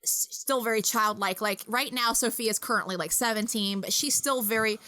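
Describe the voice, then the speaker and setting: A young woman co-hosting a casual podcast, chatty and quick to prompt and finish her partner's sentences. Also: on the high side, pushed and bright, dry recording. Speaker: podcast co-host.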